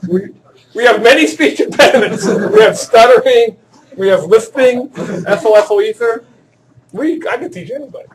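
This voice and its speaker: A male chemistry teacher with a very high voice lectures at a moderate pace in a classroom. His style is joking and self-deprecating, and he quizzes the class while solving problems.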